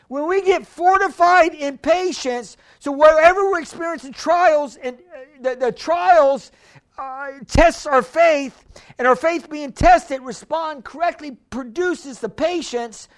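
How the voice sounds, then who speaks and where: A woman preaching a sermon, emphatic, repeating key phrases and stumbling into restarts, slowing right down to stress a point. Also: high voice. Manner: slows down hard to stress lines.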